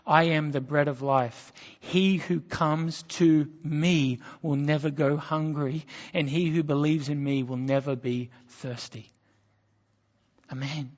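A man preaching a sermon emphatically, swinging between loud, rising declarations and quiet, low lines. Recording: dull sound with a long reverb, as in a church hall.

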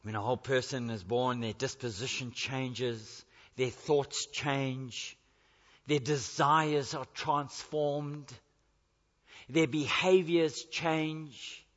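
A man preaching a sermon, emphatic and repetitive, building to forceful declarations. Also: medium pitch, steady tone, takes it slowly. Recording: echoey hall, dull lo-fi.

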